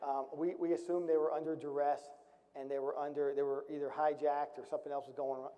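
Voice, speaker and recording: A man's voice: fairly high pitch, dark tone. A middle-aged man, a retired Marine officer, telling a serious story from his service in a storytelling talk, with wry, dry humor. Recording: dull recording with long hall reverb.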